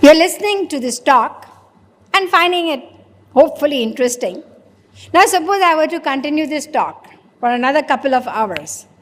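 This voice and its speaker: High-voiced woman preaching in a reverberant hall. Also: animated, moderate pace. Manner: questioning, acts out dialogues. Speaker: spiritual teacher. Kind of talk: sermon.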